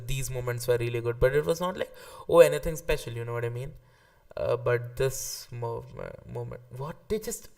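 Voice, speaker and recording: A man in casual live-stream reaction commentary, excitable and swearing freely, often restarting his sentences. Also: mid-range voice, far from the mic. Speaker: streamer ranking anime arcs.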